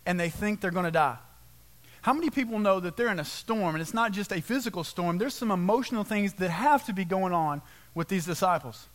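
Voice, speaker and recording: Pastor, male, high-pitched, chatty sermon full of rhetorical questions. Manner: casual and direct, peppered with rhetorical questions. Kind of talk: conversational sermon. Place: church service.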